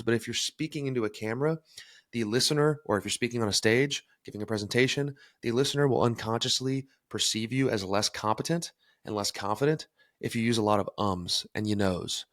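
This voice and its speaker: A man's voice: mid-range voice, fairly bright tone, no echo, clean studio sound. A young man hosting a solo podcast, talking energetically and emphatically about self-improvement. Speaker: podcast host.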